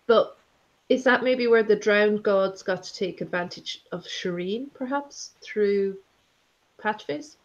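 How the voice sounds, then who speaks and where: A woman in casual book-discussion chat, talking haltingly with lots of fillers and restarts. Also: medium pitch, dull audio.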